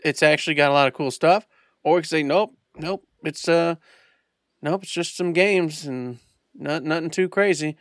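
A man's voice: no room sound, clean studio sound. A man co-hosting a podcast, playfully pleading with listeners in casual chat. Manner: playful, pleading sales pitch. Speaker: podcast co-host.

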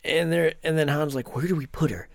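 Brief: mid-pitched podcast co-host, lively recapper, dry sound. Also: vocal fry, no echo. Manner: retells scenes with quick impressions of characters. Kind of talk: casual movie recap.

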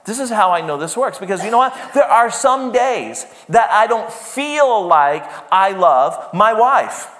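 A man's voice: sits high, very animated, a little slow, hardly any pauses, fairly bright tone. A man preaching a sermon as pastor, conversational and emphatic, often checking in with the congregation. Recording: long hall reverb.

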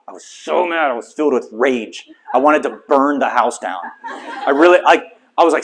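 Animated man telling a story in a sermon. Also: mid-range voice, moderate pace. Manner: animated storytelling with self-mocking humor. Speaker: pastor.

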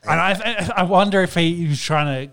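A man, co-hosting a casual cricket podcast in an easygoing, halting way. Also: high voice, fairly bright tone. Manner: easygoing, hesitant, many restarts and yeahs. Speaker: podcast co-host.

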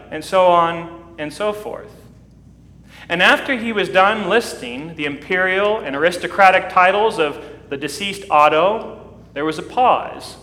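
A man preaching a sermon, telling a story dramatically and building to loud, emphatic peaks. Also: high voice, unhurried. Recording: echoey hall with long reverb.

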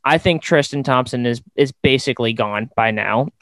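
A man's voice: mid-range voice, normal speed, a bit bright, no room sound. A man hosting a casual sports podcast, rambling and opinionated, with lots of fillers. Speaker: podcast host.

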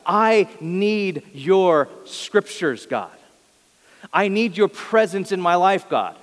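A man's voice: high-pitched, lively intonation, takes it slowly, big-room sound. A male pastor giving a sermon, talking in an earnest, conversational way and often correcting himself mid-sentence.

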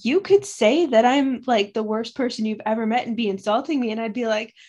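A woman's voice: fairly high pitch, fairly quick, darkish tone, highs cut off. A woman co-hosting a casual book review podcast, playful and teasing, laughing often. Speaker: podcast co-host.

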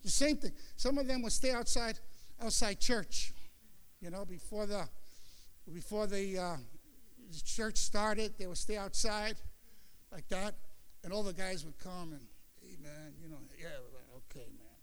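An older man preaching a sermon as pastor, telling stories in a lively street-wise way, moving between muttered asides and loud exclamations. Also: high voice, a little slow, pauses often, smooth.

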